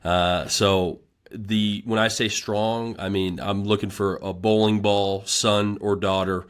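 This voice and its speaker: A young man with a lowish voice tells his stories with energy and laughs at his own mishaps. He speaks as a strength coach guest on a relaxed podcast, with a plain, steady delivery. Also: slow, smooth. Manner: animated storyteller, laughs at himself. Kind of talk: casual podcast storytelling.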